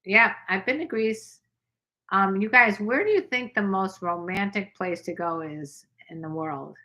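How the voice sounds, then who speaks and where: A woman's voice: medium pitch, unhurried, bright, forceful tone, dull audio. A woman co-hosting a casual livestream chat from the American South, greeting viewers by name as she talks. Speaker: livestream co-host.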